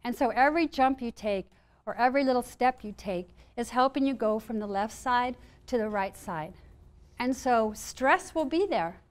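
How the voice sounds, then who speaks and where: A middle-aged woman giving a live talk on stress to an audience, animated and acting out panicked and calm inner voices. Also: on the high side, clean tone. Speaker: speaker at a wellness talk.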